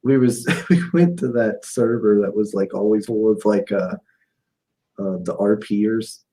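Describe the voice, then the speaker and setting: A man's voice: unhurried, rough recording. A man co-hosting a casual livestream, telling stories animatedly and laughing often. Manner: animated storyteller, laughs often, jumps up in pitch when amused. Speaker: stream co-host.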